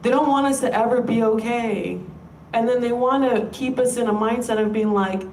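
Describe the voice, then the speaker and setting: A woman's voice: a little high, normal speed, a little mellow, far from the mic, slight background noise. A woman in a casual, rambling monologue, emphatic and profane. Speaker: vlogger. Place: room in an indoor workplace building. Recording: echoey room, voice away from mic.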